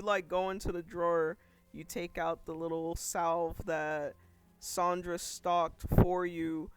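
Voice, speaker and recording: High-voiced man running a tabletop game. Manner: loose, conversational narration with fillers. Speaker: game master.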